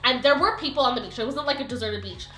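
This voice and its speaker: A young woman telling a storytime on her vlog, animated and exclamatory, full of "like" and quick asides. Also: sits high, faint music behind. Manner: animated, exclamatory, filler-heavy retelling. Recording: roomy echo.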